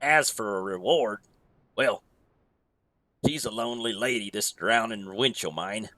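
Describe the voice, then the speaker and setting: Man playing a slow-talking, wry pirate innkeeper with a bright, clear voice, game dialogue read aloud in sea-dog dialect. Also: lowish voice, no room sound. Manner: old sea-dog dialect, drawn-out reading. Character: gruff male pirate innkeeper, wry and scheming.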